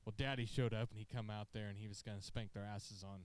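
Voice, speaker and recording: A man co-hosting a podcast, chatting casually and retelling stories in a rambling, animated, profane way. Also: fairly low pitch, fast talker. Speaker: podcast co-host. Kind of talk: casual chat, excited storytelling. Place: podcast studio.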